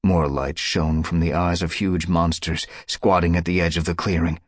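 A man narrating an audiobook in a dramatic, measured way. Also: deep voice, little pitch movement, no echo, clean studio sound. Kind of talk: scripted narration.

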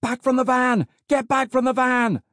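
A man voicing a police officer shouting urgently in a crisis, in an audiobook. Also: extremely high pitch, fairly even intonation, moderate pace, dry recording, studio quality, pitched above the performer's own voice. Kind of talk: audiobook character voice.

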